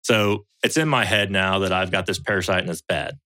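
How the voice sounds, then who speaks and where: A man's voice: low-pitched, brisk, bright, forceful tone, no echo. A man from the United States, a podcast guest, telling a story in blunt, profane casual talk. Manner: blunt and profane, quotes others as he tells it.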